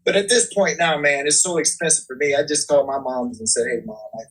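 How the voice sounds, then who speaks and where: A man, a guest musician, telling a story in casual, slangy speech, animated and full of repeats. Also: on the high side, fast talker, poor audio.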